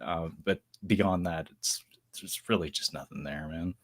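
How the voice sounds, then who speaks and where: Brief: male podcast host, lowish voice, jokey and quick to laugh. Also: a bit bright. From United States. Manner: laughs often, loose and joking. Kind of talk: casual podcast chat.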